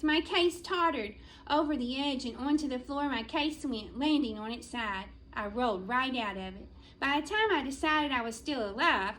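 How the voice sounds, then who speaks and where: A school librarian with a high-sitting voice reads from a children's chapter book in an elementary school library. She tells the story gently, stretching out playful pauses, and the recording is rough.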